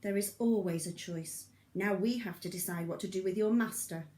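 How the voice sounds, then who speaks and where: A woman's voice: medium pitch, moderate pace, mellow, reverberant, natural voice. Woman voicing a scarred leader of outcasts, commanding, scornful, raised voice, audiobook reading.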